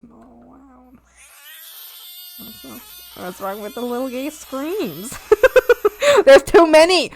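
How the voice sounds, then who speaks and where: A young woman hosting a live stream, chatting casually and thanking her viewers. Her voice sits high and swings widely as she giggles and playfully scolds her chat. She talks at an easy, unhurried pace. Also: very animated, background noise. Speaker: art streamer.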